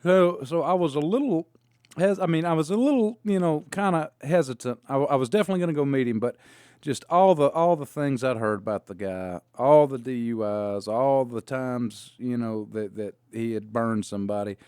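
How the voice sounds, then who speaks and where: A man's voice: medium pitch, normal speed, darkish tone, clean tone, no echo, studio quality. A man telling rambling road stories in casual chat as a podcast co-host, with lots of fillers and restarts. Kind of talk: casual storytelling.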